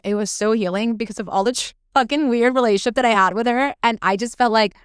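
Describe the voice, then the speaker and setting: Gushing young woman podcaster, smooth voice. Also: a little high, quick pace, hardly any pauses, no echo, clean studio sound. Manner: gushing, heavy filler "like", frequent swearing. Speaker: podcast host. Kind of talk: casual storytelling monologue.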